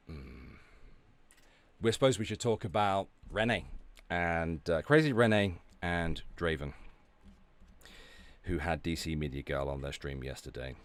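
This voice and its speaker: A man's voice: deep voice, unhurried. A man streaming, ranting and talking back to his chat, sweary and sarcastic. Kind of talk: ranting livestream commentary.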